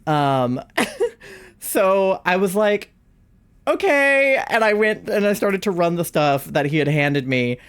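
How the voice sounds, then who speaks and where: A young adult streamer recounts a story to chat from a home setup on a desk mic. The delivery is loose and chatty, full of "like" and quick laughs. The pitch sits right in the middle. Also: expressive, smooth. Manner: chatty, heavy use of "like", frequent laughter. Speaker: live streamer.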